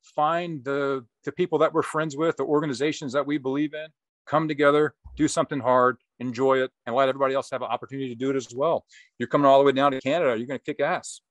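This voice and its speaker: A man's voice: medium pitch, steady tone, fast talker, no echo. Casual rambling man. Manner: rambling, profane, laughs often. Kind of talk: casual chat.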